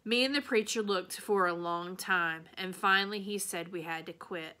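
Brief: woman reader, children's novel, steady, bright and forceful voice. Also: on the low side, normal speed. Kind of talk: reading a children's novel aloud.

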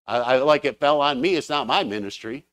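A man preaching a sermon in a church, telling stories with fervent, animated exclamations. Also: medium pitch, a little fast, no echo.

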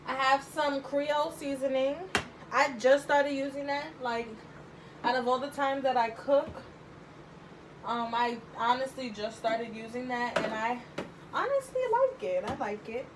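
A young woman with a fairly high voice walks through a recipe in her kitchen, talking casually and filling pauses with ums as she thinks aloud. Her voice comes through a camera mic, with a faint hiss of background noise behind it. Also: level tone. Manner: chatty and rambling, thinks aloud with many fillers. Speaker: home cook vlogger. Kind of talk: casual cooking tutorial. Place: home kitchen.

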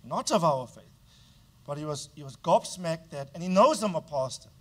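A man's voice: on the high side, lively intonation, moderate pace. A male pastor preaching a sermon with emphatic delivery, often stopping to prompt the congregation to answer back. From South Africa.

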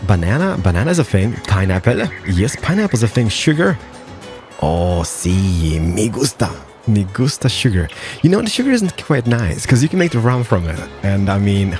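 A man chatting casually as he plays, rambling and joking, with a voice that jumps up and down in pitch. He keeps slipping in playful mock Spanish phrases. Faint music plays behind him. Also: a little mellow. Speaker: gaming channel host. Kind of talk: casual gameplay commentary.

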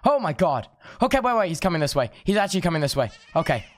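A man's voice: a little high, big pitch swings, quick pace. A young man streaming a game, giddy and starstruck, gasping and babbling as he chats. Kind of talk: excited gaming chat.

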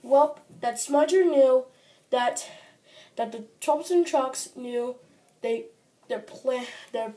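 High-voiced woman improvising a toy train story. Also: warm tone. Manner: halting, improvised play-along telling.

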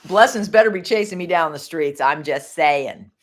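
A woman's voice: low voice, animated, normal speed. Chatty middle-aged woman livestreaming at home. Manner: chatty, distracted, laughs often. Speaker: livestream host. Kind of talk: rambling faith livestream chat.

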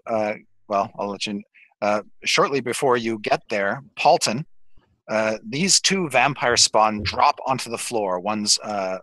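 A man narrating as dungeon master, relaxed and pausing often as he describes the scene and rules. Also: lowish voice, dry recording, poor audio. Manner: relaxed, with frequent pauses and fillers. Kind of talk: narrating a tabletop game.

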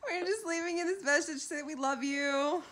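A woman's voice: high-pitched, fairly quick, crowd noise. A woman recording a giggly birthday greeting for her mother, doing several takes. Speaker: daughter.

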